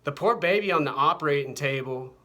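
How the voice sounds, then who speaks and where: A vlogger rants at his camera in a high-ish, fairly quick voice with a bright, forceful tone. His monologue is rambling, agitated and profane, and he keeps repeating the same phrases. It was recorded on the camera's own mic.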